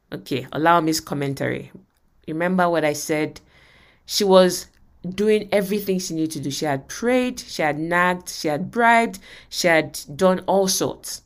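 A woman's voice: on the low side, a little slow. A woman hosting a podcast, giving an earnest spoken lesson and often checking in with her listeners. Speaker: podcast host and teacher. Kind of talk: spoken teaching talk.

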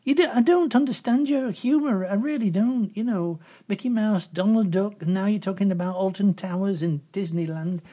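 A woman's voice: medium pitch, moderate pace, hardly any pauses, dark tone, close to an everyday voice. A woman playing a gossipy older woman agony aunt in a comedy sketch, rambling with lots of asides. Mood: chatty. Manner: rambling, full of "you know" and asides.

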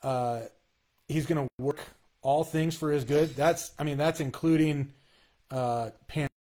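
A man in a casual, earnest conversation about faith, talking in halting bursts with frequent restarts. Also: a little high, steady tone, dark tone.

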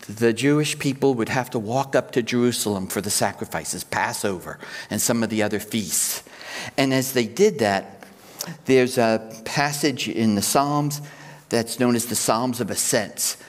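Pastor preaching in a reverberant hall. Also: male voice, medium pitch, a little slow. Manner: explanatory, counts out points in threes. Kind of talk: sermon.

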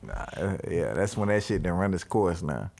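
Man, podcast co-host, laid-back casual talk, lively pitch. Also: creaky, a little hiss or hum. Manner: laid-back, profane, quick to laugh.

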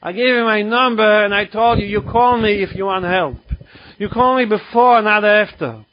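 A man voicing his blunt, strict male sponsor, scolding slowly and emphatically in a dull lo-fi recording. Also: sits high, slight background noise, pitched above the performer's own voice, natural voice. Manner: stern, scolding, slow and emphatic.

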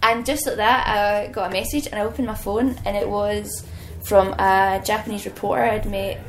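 A young woman, a wrestler, telling lively stories as an interview guest and laughing often. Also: medium pitch, normal speed, slight background noise, low-quality recording. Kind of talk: casual anecdotal storytelling.

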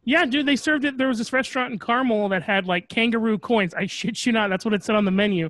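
A man's voice: high-pitched, quick pace, a bit bright, no room sound. A man on a casual podcast, chatty and wisecracking in banter with friends.

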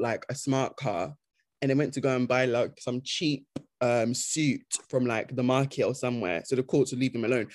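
A podcast co-host in casual chat, joking and slipping into mocking impressions with quick asides. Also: mid-range voice, darkish tone.

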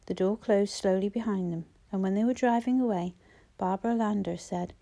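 A woman narrates a novel in scripted storytelling, her delivery steady and expressive. The voice is warm and mellow, with a mid-range pitch. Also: normal speed. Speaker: audiobook narrator.

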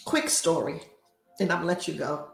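A woman's voice: fairly low pitch, very animated, a little fast, vocal fry, soft background music. An older woman hosting a faith talk show, preaching and telling stories in a conversational way. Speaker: host and life coach. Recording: roomy echo.

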